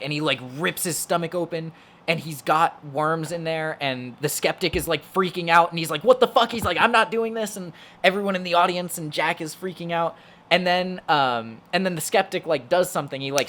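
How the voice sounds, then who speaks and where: This young male podcast co-host has a fairly high, slightly bright voice. He meanders through a casual horror movie discussion, swearing often and leaning heavily on fillers.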